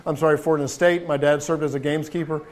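A man's voice: on the high side, flat delivery, fast. A man preaching a sermon as a pastor in a conversational way, often restarting his phrases and asking the listeners rhetorical questions. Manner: frequent restarts and repeated words.

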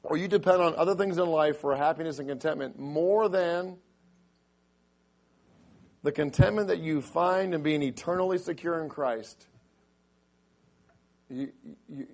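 A middle-aged man with a raspy voice, a pastor preaching a sermon who rises to loud, emphatic delivery when quoting scripture. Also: fairly high pitch, measured pace, pauses often.

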